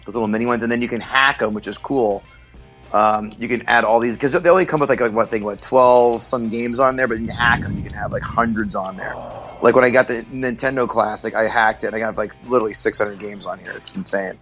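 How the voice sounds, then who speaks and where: A man's voice: lowish voice, fairly even intonation, fast talker, a bit bright, faint music behind, rough recording. Profane, laid-back man on a podcast. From New Jersey, across from New York City. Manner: loose and profane, playing a video game while talking. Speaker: podcast guest, comedian. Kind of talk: casual podcast chat.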